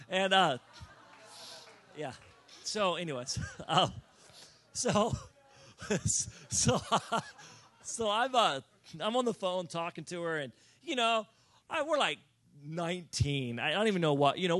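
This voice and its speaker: A man with a fairly high voice delivers a sermon through a lively personal anecdote, swinging from hushed asides to excited near-shouts. The sound is dry and close. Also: no room sound. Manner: animated comic storytelling, rising to near-shouts at the climax. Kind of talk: storytelling sermon.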